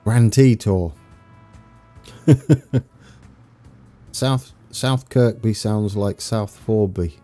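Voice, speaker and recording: A young man with an East Anglian accent chats loosely through a live game stream, laughing at his own slips and greeting viewers. His voice sits low, with a dark, mellow tone. Faint music plays behind him. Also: drawn-out words, pauses often. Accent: East Anglian English. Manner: chatty, self-mocking, laughs often, reads out viewer names. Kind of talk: casual live-stream chat while playing.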